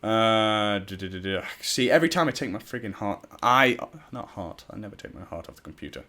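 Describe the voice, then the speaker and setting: A man's voice: lowish voice, expressive, a little fast, sharp tone. A man casually reading a fan story aloud, stumbling over words and breaking off into profane, self-mocking asides. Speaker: fan fiction reader.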